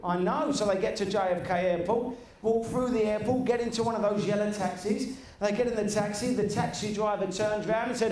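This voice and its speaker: High-voiced comedian in an echoey hall. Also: male voice, steady tone, fairly quick, a little mellow, far from the mic. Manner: storytelling, punchy. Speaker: vocal comedian. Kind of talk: stand-up comedy.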